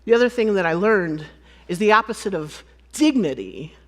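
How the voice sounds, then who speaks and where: A woman's voice: mid-range voice, animated, moderate pace. A woman from the United States giving a storytelling conference talk, acting out bits of dialogue and laughing often. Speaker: conference speaker.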